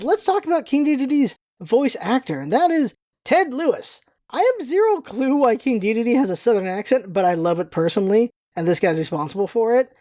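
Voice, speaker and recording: A young woman hosting a casual rewatch podcast, chatty and excitable, rambling through facts with lots of asides. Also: fairly high pitch, no room sound, clean studio sound. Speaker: podcast host.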